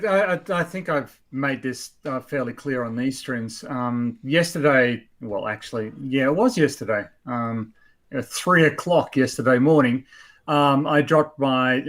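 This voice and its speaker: A man's voice: mid-range voice, fairly bright tone. A man in his fifties hosting a casual chat, blunt and rambling with many fillers. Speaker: host.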